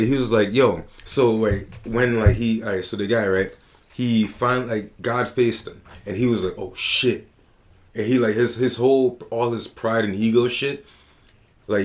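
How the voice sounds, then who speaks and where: A man hosting a casual podcast who tells stories in an animated, slangy way, with lots of profanity. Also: lowish voice. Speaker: podcast host.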